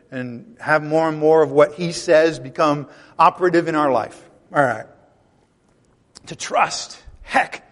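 Man, high voice, animated pastor delivering a sermon with emphatic bursts, recorded in a reverberant hall. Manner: animated, emphatic preaching with conversational asides.

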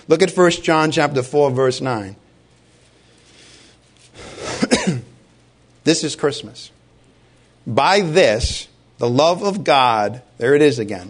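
A man preaching a sermon with passion, firing rhetorical questions at his congregation. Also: a little high. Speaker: pastor.

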